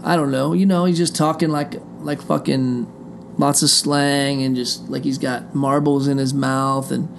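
Gravelly middle-aged man, rambling and profane. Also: medium pitch, flat delivery, unhurried, slight background noise. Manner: profane, digressive, talks straight to listeners. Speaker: show host. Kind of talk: rambling casual monologue. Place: indoor room behind a closed door.

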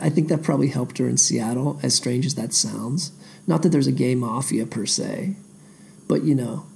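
A man's voice: medium pitch, darkish tone, slight background noise. A man, an independent musician, talking through his memories in a digressive, self-deprecating casual monologue. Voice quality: gravelly.

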